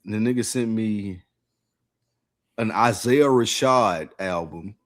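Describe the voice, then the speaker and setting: A man's voice: lowish voice, slow pace. A man co-hosting a podcast, telling a story in casual chat, laughing often and acting out other people's lines. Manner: animated storyteller, laughs often, acts out voices. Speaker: podcast co-host.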